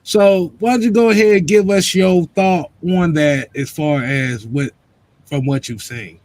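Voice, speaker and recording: A man with a slightly high voice hosting a stream, welcoming a guest and fumbling politely through his questions. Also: a little slow, a little mellow, no echo. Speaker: podcast host. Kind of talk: interviewing a guest.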